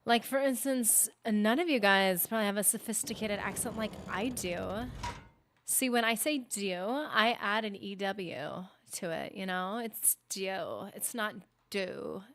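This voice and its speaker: A woman's voice: medium pitch, measured pace, fairly bright tone, a little hiss or hum. A woman streaming a game, chatting casually and teasing her viewers in a playful way. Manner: playful, teasing banter with chat. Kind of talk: casual live-stream chat.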